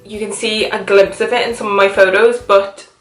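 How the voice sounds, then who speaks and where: A woman's voice: medium pitch, steady tone, moderate pace, reverberant, soft background music, low-quality recording. A woman of 21 from Ireland with a mixed Irish accent that carries touches of Liverpool and American speech. She talks to camera at home, chatty and upbeat, with lots of "like". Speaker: vlogger. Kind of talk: casual chat to camera. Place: her home.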